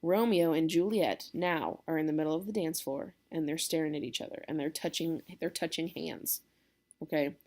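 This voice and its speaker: A woman's voice: low-pitched, fairly even intonation, normal speed, a little mellow. A woman teacher giving a casual classroom lecture, explaining a play and checking in with her students.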